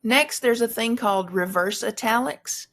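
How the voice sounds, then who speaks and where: A woman's voice: fairly high pitch, normal speed, a bit bright. A woman instructor explaining formatting rules in a recorded tutorial, talking through examples with frequent fillers and restarts.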